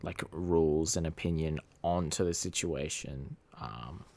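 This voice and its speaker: A man's voice: very deep voice, steady tone, a little slow, vocal fry, a little mellow. A man co-hosting a casual film review podcast, talking hesitantly with lots of "like" and "you know". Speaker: podcast co-host.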